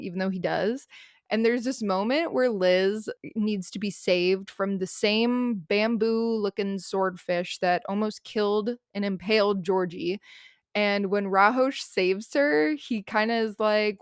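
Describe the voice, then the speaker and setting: A young woman casually recapping a novel's plot in a chatty, animated way, full of fillers. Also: medium pitch, unhurried, smooth, no room sound, clean studio sound. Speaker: book reviewer.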